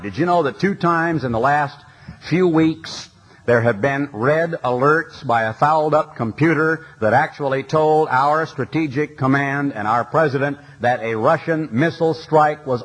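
A man's voice: mid-range voice, poor audio. A man preaching an impassioned sermon in a large arena, reading scripture aloud and building lists in a rising cadence.

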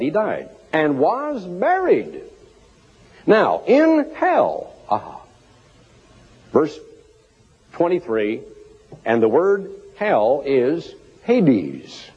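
Animated preacher man, husky lo-fi sound. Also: medium pitch. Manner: dramatic, animated storytelling with emphatic scripture quotes. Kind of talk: sermon. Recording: dull lo-fi recording.

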